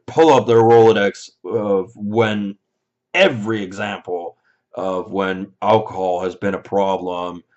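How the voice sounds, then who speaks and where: A man with a fairly low voice delivers a heated, foul-mouthed opinion rant. He swings from muttered asides to sudden loud outbursts and slips into mocking voices to quote the people he scorns. The recording sounds dull and lo-fi. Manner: mocking put-on voices when quoting others. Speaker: vlogger. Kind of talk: ranting opinion monologue.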